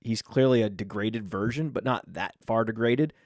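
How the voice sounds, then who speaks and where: A man talking as a guest on a casual fantasy football podcast, quick and opinionated, stuttering as he starts his points. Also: fairly low pitch, a little mellow, dry recording, clean studio sound.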